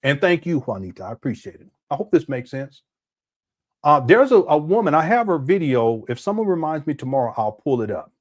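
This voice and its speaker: Animated man ranting on a livestream. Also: a little high, brisk. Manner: emphatic, repetitive, conversational. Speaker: host of a live commentary show. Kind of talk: livestream commentary.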